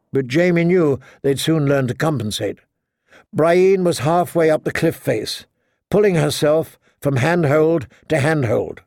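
A man narrating a story as an audiobook reader, in a steady, measured reading style. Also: on the high side, gravelly, no echo, studio quality. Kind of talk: scripted narration.

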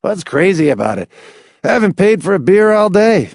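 A cocky, self-satisfied man who brushes off every threat with a mocking, breezy tone, read by a male narrator. His delivery rises and falls in lively swings, close and dry. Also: high-pitched, moderate pace, creaky, no echo, pitched above the performer's own voice, heavily acted. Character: smug, cocky man loaded with lucky charms.

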